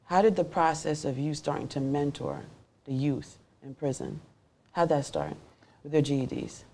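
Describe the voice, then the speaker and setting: A woman with a notably low voice leads a chatty interview, breaking in often with quick agreements and follow-ups. A faint hiss of noise sits under her voice. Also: animated, warm tone. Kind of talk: conversational interview.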